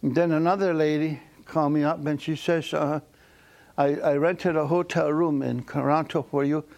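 Halting storyteller man, slightly high voice. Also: a little mellow. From Akwesasne Mohawk community. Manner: halting, many pauses and fillers, chuckles at his own jokes. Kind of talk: casual spoken storytelling.

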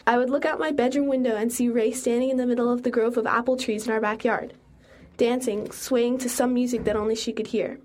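A young adult woman reading a first-person story aloud in an earnest, steady way. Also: fairly high pitch, a little fast. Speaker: narrator.

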